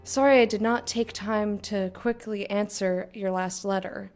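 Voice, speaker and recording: Chatty british working-class sister reading her letter as a woman puts on the accent, blunt and gossipy, mid pitch. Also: steady tone, unhurried, a little mellow, close to an everyday voice. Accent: put-on British.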